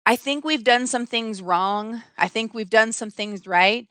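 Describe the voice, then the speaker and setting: A middle-aged woman hosts a live stream, telling a personal story in an animated, emphatic way and often checking in with "right?". Her voice is a little high and smooth, unhurried, with no echo.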